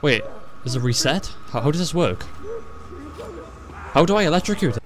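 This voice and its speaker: A man's voice: a little high, moderate pace, a crowd in the background. Jumpy young man playing a horror game. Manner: jumpy, excitable, joking reactions with frequent swearing. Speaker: gaming video creator. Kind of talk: casual gameplay commentary. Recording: faint game music behind.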